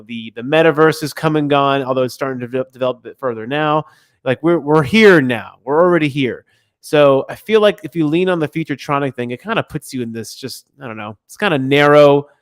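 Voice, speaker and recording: A man's voice: mid-range voice, no echo, clean studio sound. A man hosting a casual livestream, giving loose, rambling feedback on listeners' music. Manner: loose, rambling, frequent restarts and fillers.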